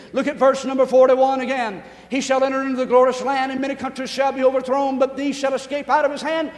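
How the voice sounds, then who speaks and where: A male pastor preaching a sermon, talking fast, calling for amens and rising to shouts. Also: very high-pitched, in a large hall. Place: church sanctuary.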